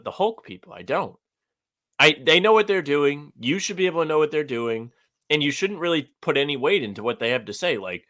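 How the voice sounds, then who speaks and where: A man's voice: mid-range voice, bright, forceful tone. A young man co-hosting a podcast, chatting loosely with lots of "like" and restarts. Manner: loose, filler-heavy, lots of "like". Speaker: podcast co-host. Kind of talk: casual chat.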